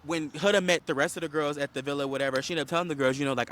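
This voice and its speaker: Male podcast co-host, slightly higher voice, animated gossip storyteller, a little choked up. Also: very fast. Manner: animated storyteller, acts out quotes, many fillers. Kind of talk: casual chat recapping a reality show.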